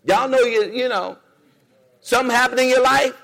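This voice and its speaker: A man's voice: extremely high pitch, moderate pace, creaky, fairly bright tone, long reverb tail. A man preaching a sermon in a church, rhythmic and repetitive, calling on the congregation to respond. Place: church sanctuary.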